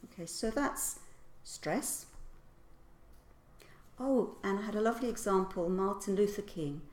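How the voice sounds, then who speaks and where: A woman coaches her listeners on speaking, playfully acting out example lines with heavy stress. She talks at an unhurried pace in a mid-range voice. The recording carries a roomy echo. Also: mid-range voice, darkish tone. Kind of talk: casual spoken lesson.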